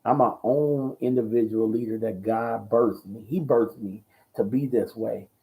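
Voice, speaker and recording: Ministry talk host, male, bold and loud, heavy on slang and repetition, low gravel in the voice. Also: a little slow, low-quality recording. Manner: answers viewer comments. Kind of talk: casual preaching talk.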